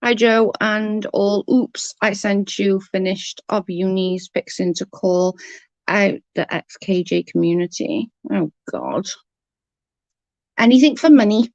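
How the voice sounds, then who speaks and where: A chatty woman hosting a live stream from home, answering her viewers as their messages come in. Her voice sits at a middle pitch and sounds close and dry, with no room echo. She talks bluntly and swears when something annoys her. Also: takes it slowly, gravelly, darkish tone, highs cut off. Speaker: livestream host. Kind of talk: casual live-stream chat.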